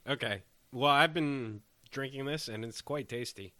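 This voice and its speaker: A man's voice: medium pitch, measured pace, pushed and bright, no room sound. A congested man co-hosting a casual beer podcast, speaking in a plain, matter-of-fact way. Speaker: podcast co-host. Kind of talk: casual chat.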